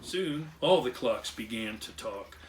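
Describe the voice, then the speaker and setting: A man's voice: medium pitch, expressive, slow pace, recorded from a distance, slight background noise. A man reading a children's story aloud with expression, acting out animal and machine sounds along the way. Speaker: storyteller and clockmaker.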